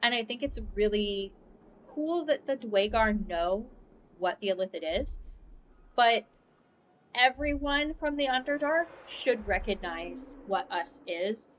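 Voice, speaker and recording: A woman's voice: on the high side, animated, a little slow, highs cut off, a little hiss or hum. A woman hosting a casual let's play, chatting and rambling about the game with easy laughs. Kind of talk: casual gaming commentary. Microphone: voice-over over game footage.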